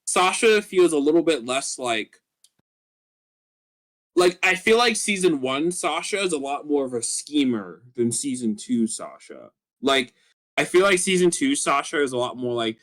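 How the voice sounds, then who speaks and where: A man co-hosting a casual podcast rambles through his thoughts, using lots of fillers and acting out character lines. His voice is on the high side and fairly bright, very animated yet a little slow.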